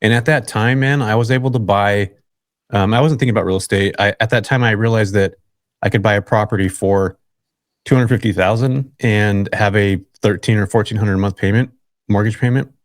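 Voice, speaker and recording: A man from California, a guest on an interview show, telling a long story in a relaxed, chatty way and often saying "man" and "like". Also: on the low side, brisk, no echo, clean studio sound. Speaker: guest, real estate investor.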